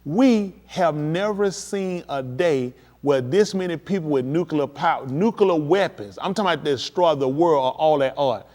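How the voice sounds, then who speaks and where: A man preaching on a livestream, emphatic and addressing his listeners directly, building to excited peaks. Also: on the high side, normal speed, few pauses. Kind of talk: livestream preaching on world events.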